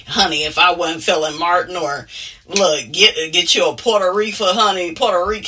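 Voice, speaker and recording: A sassy woman recapping reality TV in a casual, outspoken way, her pitch swinging widely as she talks. Her voice is bright but a little husky, and she sits slightly back from the mic. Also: recorded from a distance. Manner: sassy and outspoken, with many asides of "honey" and "okay?". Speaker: reality TV commentator.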